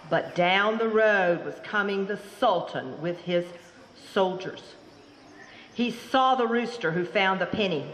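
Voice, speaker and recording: A woman storyteller telling a folk tale live, animated and theatrical, inviting the audience to join in. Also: mid-range voice, unhurried. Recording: roomy hall with long echo, faint room noise.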